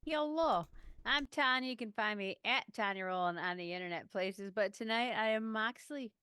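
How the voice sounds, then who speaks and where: A woman with a crisp, bright voice speaks softly and with quiet amusement. Her sound is dry and close, with little room around it. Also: mid-range voice, moderate pace, dry recording. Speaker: player.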